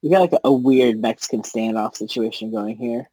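A man narrating as game master in a casual, halting way with many fillers. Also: medium pitch, dark tone, no room sound.

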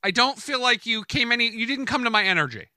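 Upbeat male podcast host, piercing bright tone, talks over a remote call. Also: very high voice, animated, fast talker, no echo. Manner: upbeat, joking, with many fillers and restarts. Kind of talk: casual podcast chat.

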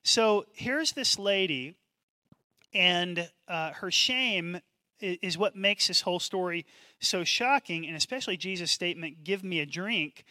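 A man preaching a sermon as pastor, in an animated, conversational way with asides. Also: high-pitched, unhurried, no echo.

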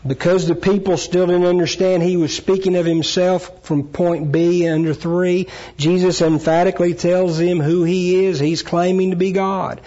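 A man with a slightly high voice teaches scripture in a sermon. He talks earnestly and with emphasis, stopping now and then to fix his wording. The recording is dull and lo-fi. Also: fairly even intonation, warm tone. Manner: earnest, emphatic, with self-corrections and pauses. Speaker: preacher.

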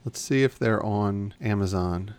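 A man's voice: lowish voice, a little slow, a little mellow, clean tone. A man co-hosting a podcast in casual chat, rambling and often restarting his sentences. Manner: chatty, rambling, self-correcting. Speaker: podcast co-host.

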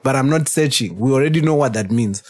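A man co-hosting a podcast in casual chat, animated and laughing, often restarting his phrases. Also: mid-range voice, fast. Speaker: podcast co-host.

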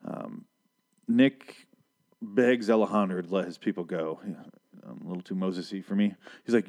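A man's voice: low-pitched, normal speed, a little mellow. A man recapping a TV episode in a casual, profane rant, sarcastic and exasperated. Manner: ranting, sarcastic, heavy swearing.

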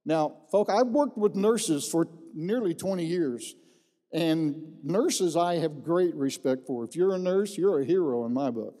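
The pastor's fairly high, dark voice moves a little slowly as he recounts his testimony. Middle-aged and folksy, he repeats phrases for emphasis, his words echoing with long reverb through a large hall.

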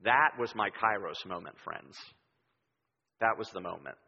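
A man preaching a sermon in a church, telling stories in an animated way and acting out the voices he quotes. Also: fairly low pitch, unhurried, gravelly, slightly rough. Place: church sanctuary. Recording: dull sound with long hall reverb.

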